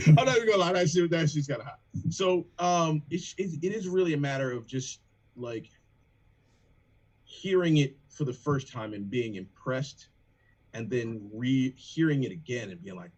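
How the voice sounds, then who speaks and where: A man, a rapper in a band, chatting casually on a livestream, animated and profane as he breaks down lyrics. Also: mid-range voice, normal speed, low-quality recording.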